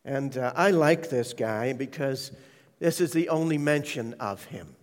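Guy giving a sermon, long echo like a big church hall, goes soft and hushed then loud when quoting people. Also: mid-range voice, unhurried. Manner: testimony told with hushed, tender passages and sudden loud acted quotes. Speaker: preacher. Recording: large hall reverb.

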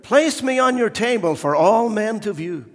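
A man voicing a loud, pushy brass vessel in a poem read aloud from the pulpit. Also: high voice, expressive, moderate pace, pitched above the performer's own voice. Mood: eager. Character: eager shallow polished brass vessel. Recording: echoey church hall.

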